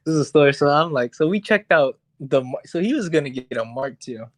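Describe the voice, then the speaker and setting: A young man co-hosting a podcast, telling a story in a casual, animated, profane way and acting out what people said. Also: on the high side, fairly quick, no echo. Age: young adult. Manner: animated, profane, acts out quotes. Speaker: podcast co-host. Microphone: podcast mic on voice chat.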